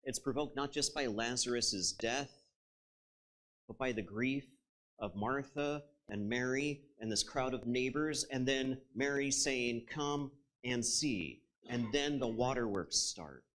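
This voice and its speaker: A man's voice: mid-range voice, measured pace, fairly bright tone. A man preaching a conversational sermon as a pastor, retelling a story in a reflective way and turning to his listeners with asides.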